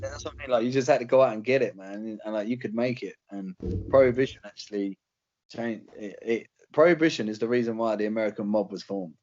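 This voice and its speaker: A man's voice: fairly low pitch, fast talker, darkish tone, lo-fi sound, faint music behind. A young British man, a fighter, chatting casually in an interview, rambling with slang and fillers. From Britain. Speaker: UFC fighter guest.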